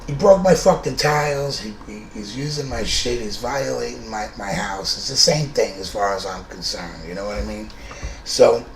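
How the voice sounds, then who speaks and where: Man in his fifties, New York accent, low voice, blunt and profane, roomy echo, faint hiss. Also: moderate pace. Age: 50s. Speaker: storyteller. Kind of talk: true-story monologue. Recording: roomy room with faint noise.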